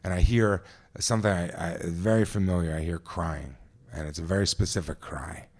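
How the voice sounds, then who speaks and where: A man's voice: low voice, fairly even intonation, moderate pace. Man telling a live story on stage. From New Jersey. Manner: conversational, vivid, with frequent restarts and asides. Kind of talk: live first-person storytelling. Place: stage at a live event venue.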